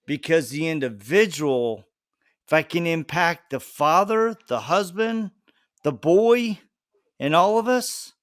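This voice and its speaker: An earnest man hosting a conversational interview and hammering home his points. His voice sits a little high for a man, and the recording is close and dry, with no room in it. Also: animated, takes it slowly, no echo. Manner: earnest, emphatic, repeats key points. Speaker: podcast host.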